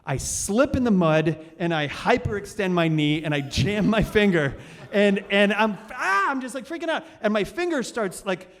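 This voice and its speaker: A man's voice: sits high, expressive, moderate pace. A man in his forties hosting a live storytelling show, rambling and self-deprecating, with many fillers and restarts. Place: stage of a cultural center hall. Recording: reverberant live hall.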